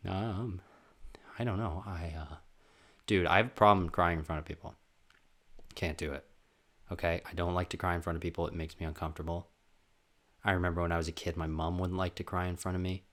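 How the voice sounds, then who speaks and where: Young man, low-pitched, rambling, self-deprecating, casual solo podcast host. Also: little pitch movement, a little fast, long pauses. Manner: rambling, self-deprecating, jumps into loud sung and acted bits.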